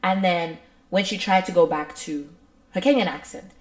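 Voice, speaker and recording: A young South African woman co-hosting a podcast, talking in a loose, rambling way with plenty of filler words. Her voice sits a little low and swings between lively bursts and quiet asides. The room around her has a noticeable echo. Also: moderate pace. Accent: South African English. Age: 20s. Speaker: podcast co-host. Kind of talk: casual chat.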